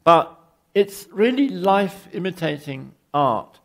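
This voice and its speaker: An older Englishman lectures on architecture in a high, creaky, very animated voice, taking his time. His talk is anecdotal, wry and rambling, and he often restarts his phrases.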